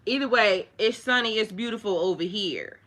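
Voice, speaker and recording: Against a noisy background, a woman with a mid-range voice talks at a normal speed on her spiritual livestream. She chats casually and rambles with many fillers, speaking directly to viewers and sneering at the trolls.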